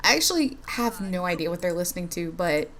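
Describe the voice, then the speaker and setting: A woman's voice: on the low side, expressive, fairly quick, a bit bright, slight background noise. A woman giving chatty, bubbly commentary over a life-sim game, laughing often as she talks to her viewers. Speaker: life-sim gameplay YouTuber. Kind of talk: casual gameplay commentary.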